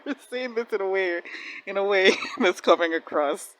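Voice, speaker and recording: Woman, reaction video host, casual commentary, excitable, laughs a lot, answers the screen, mid-pitched voice. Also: a little slow, low-quality recording.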